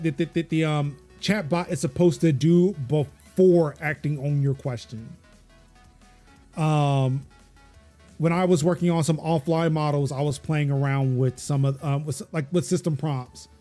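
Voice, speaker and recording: A man's voice: a little high, warm tone. Rambling man hosting a tech chat. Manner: rambling, many fillers and restarts. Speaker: podcast host.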